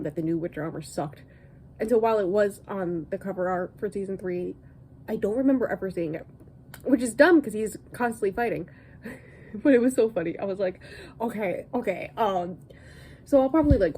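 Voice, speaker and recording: Speaking at a medium pitch over a rough recording with faint hiss or hum, a young woman who vlogs about reading chats to camera about her week's viewing and reading. She's animated and scattered, hopping from topic to topic, filling the ramble with ums and laughter.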